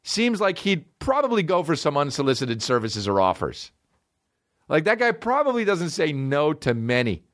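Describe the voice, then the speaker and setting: A man's voice: a little high, huge pitch swings, moderate pace, a bit bright, no echo, clean studio sound. A young man co-hosting a casual comedy podcast, reading personal ads aloud and mocking them in a crude, incredulous way. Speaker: podcast co-host.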